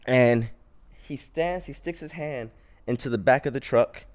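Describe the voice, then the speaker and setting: A man's voice: medium pitch, a little slow, darkish tone. A young man hosting a podcast, telling a story in a casual, slangy way and acting out the quotes. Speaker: podcast host.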